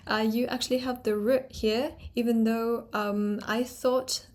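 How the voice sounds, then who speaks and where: A young woman teaching phonetics in a casual lesson, talking slowly and deliberately as she demonstrates how words are pronounced. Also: fairly high pitch, steady tone, darkish tone. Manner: slow, deliberate, demonstrating pronunciations.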